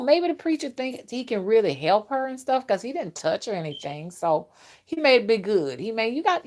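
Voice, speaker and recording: A woman, a spiritual reader talking in a blunt, graphic casual monologue and laughing along. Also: medium pitch.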